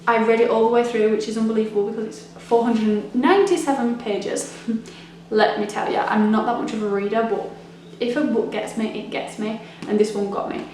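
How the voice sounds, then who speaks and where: A woman's voice: a little high, fairly even intonation, fairly quick, dark tone. A young woman chatting casually in a home vlog, rambling with lots of ums and restarts. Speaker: vlogger. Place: home rooms. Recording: echoey room, faint noise.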